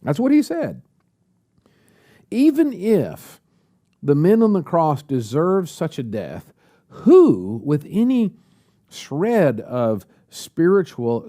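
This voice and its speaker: Mellow, lively preacher man. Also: mid-range voice. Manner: rhetorical questions to the congregation. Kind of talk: sermon. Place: church service.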